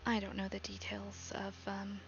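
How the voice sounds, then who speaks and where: A woman voicing a gentle, worried female warlock patron in a whispered role-play, hushed and halting. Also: medium pitch, monotone, vocal fry, muffled recording, faint music behind, natural voice. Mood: troubled. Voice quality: hushed, soft-spoken with halting pauses.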